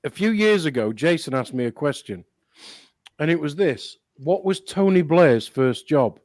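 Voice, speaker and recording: Man, blunt, swearing, high lively voice, dry sound. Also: normal speed, dry recording. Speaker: co-host. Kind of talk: casual political chat.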